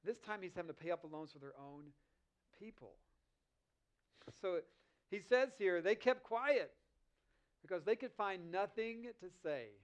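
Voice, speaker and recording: A man with a notably high voice delivers a sermon. He reads scripture passages slowly and deliberately, then breaks them down in a relaxed, conversational manner. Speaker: pastor.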